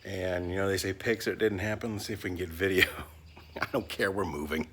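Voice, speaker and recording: A man's voice: sits low, fairly quick. A man in his forties vlogging casually outdoors, rambling in a chatty, self-mocking way with little asides. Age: 40s. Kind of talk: casual vlog narration. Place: outdoors, windy lakeside walk and parked car. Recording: wind and traffic noise outdoors.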